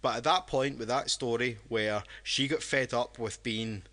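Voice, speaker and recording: A man's voice: mid-range voice, moderate pace, a bit bright. Drunk man rambling on a podcast. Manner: rambling, with many restarts. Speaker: podcast co-host. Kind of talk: casual podcast chat.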